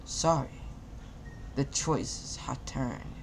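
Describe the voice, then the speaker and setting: A man voicing an old male ninja grandfather in a fan-made anime story, speaking low and hushed, partly in a whisper. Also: drawn-out words, a little hiss or hum. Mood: grave.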